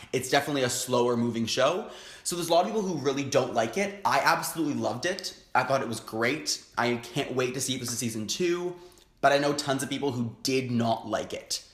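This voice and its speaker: A young man hosting an eating show, chatting casually and excitedly between bites with lots of happy humming. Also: mid-range voice, echoey room. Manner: chatty, excitable, frequent hums of enjoyment. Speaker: mukbang host. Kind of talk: casual chat while eating. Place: home, indoors.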